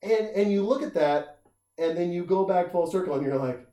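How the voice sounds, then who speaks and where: In casual comedic chat, a middle-aged man speaks in a high-pitched voice at normal speed, swearing and animated. He acts out the people he quotes with jumping voices, recorded in a room with noticeable echo.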